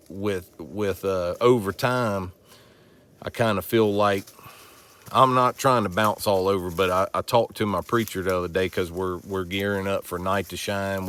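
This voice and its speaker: A man's voice: low voice, fairly bright tone, a little hiss or hum. A man talking casually and from the heart to his viewers, rambling and repeating himself. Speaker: family vlog host. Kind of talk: casual vlog talk.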